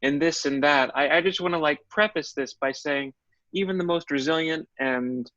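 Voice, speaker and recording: Male actor, interview guest, a bit high-pitched, reflective storyteller, dead-dry lo-fi sound. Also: moderate pace, fairly bright tone, no echo. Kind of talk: casual interview. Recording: dull, dry audio.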